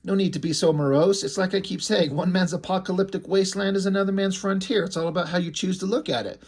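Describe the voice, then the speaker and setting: A man's voice: high voice, steady tone, quick pace, husky. A man reading aloud the lines of a wordy, bombastic male pig-creature who acts as a hype man. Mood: boastful. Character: bombastic male pig-creature sidekick and self-styled bard. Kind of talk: reading comic dialogue aloud.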